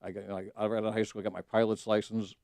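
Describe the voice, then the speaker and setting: A man's voice: on the low side, level tone, rapid-fire, vocal fry, darkish tone, no room sound. A middle-aged man, telling his story as a guest in a radio studio, earnest, with many restarts and fillers. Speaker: judicial candidate, radio guest. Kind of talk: casual radio interview.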